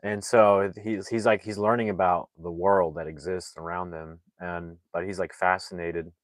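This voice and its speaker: A man with a deep, low voice rambles through a movie plot in a loose, casual way, full of "like" and "you know". The sound is dry and close, with no room around it. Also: level tone, moderate pace, no echo. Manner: rambling, filler-heavy retelling, acting out lines with raised shouts. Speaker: movie reviewer.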